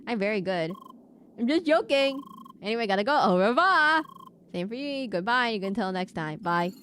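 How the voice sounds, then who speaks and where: A woman's voice: mid-range voice, animated, a little fast, a little hiss or hum. A woman streaming a video game, chatting in a rambling casual way with many fillers and restarts. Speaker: VTuber streamer.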